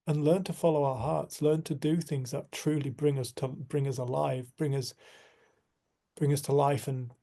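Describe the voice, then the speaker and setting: Man leading a community group, earnest reflective talker, slightly higher-pitched with some gravel. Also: steady tone. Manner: earnest, storytelling, soft and slow at times. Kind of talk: reflective spiritual talk.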